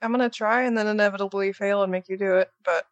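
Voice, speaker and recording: A woman's voice: mid-range voice, fairly even intonation, fast talker, dry recording, lo-fi sound. A woman co-hosting a podcast in casual chat, with a dry, sarcastic wit. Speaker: podcast co-host and editor.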